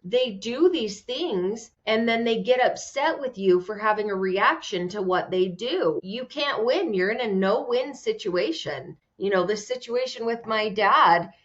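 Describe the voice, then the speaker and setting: A woman's voice: fairly high pitch, lively intonation, a little slow, hardly any pauses. A woman host giving casual commentary in a blunt, profane, heated way. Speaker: podcast host. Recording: dull lo-fi sound.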